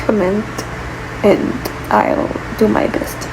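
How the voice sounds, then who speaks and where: A French Canadian woman vlogging in casual chat, congested from sneezing and coughing, talking haltingly and trailing off. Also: fairly high pitch, gravelly. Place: bathroom. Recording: noisy home recording.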